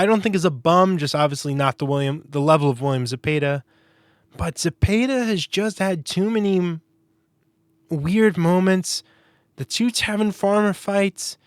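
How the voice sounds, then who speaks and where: A man with a slightly raised pitch talks through his predictions in a casual, opinionated way, sliding into wry sarcasm. The sound is dry and close, with no room around it. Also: dry recording. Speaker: boxing podcast host.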